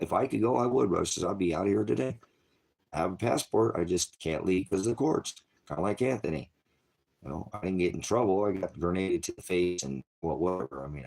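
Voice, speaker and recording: Low-voiced rambling American man. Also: gravelly, darkish tone. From United States. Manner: rambling, loose, full of fillers and restarts. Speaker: channel host. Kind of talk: casual livestream chat.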